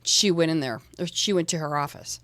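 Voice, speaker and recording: A woman's voice: deep voice, fairly quick, fairly bright tone, no room sound, studio quality. A woman narrating a tabletop game as game master, describing scenes casually with fillers.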